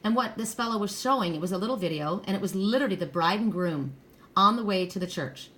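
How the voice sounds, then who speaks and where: A woman's voice: medium pitch, animated, quick pace, a bit bright. Blunt, emphatic middle-aged woman reading cards. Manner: blunt and emphatic, swears freely. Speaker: tarot card reader. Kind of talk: casual spoken card reading.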